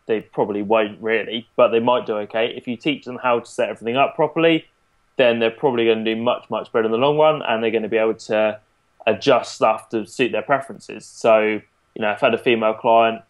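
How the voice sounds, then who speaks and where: A man working as a fitness coach, explaining his approach in a relaxed podcast chat with frequent fillers. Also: lowish voice, brisk.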